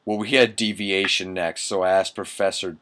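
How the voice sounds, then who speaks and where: A man's voice: sits low, steady tone, moderate pace, sharp tone. A man giving a comedic reading of a bad story, incredulous and swearing, often cracking up. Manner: incredulous, swearing, breaks into laughter. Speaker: reader.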